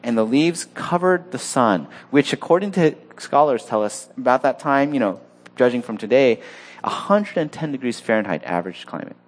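Humorous, lively male preacher. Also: medium pitch, moderate pace. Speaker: pastor. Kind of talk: sermon.

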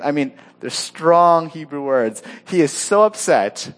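A man's voice: a little high, big pitch swings, measured pace, few pauses. A male pastor preaches a sermon with humor and a casual, talky delivery. He jokes with the congregation and keeps the teaching conversational.

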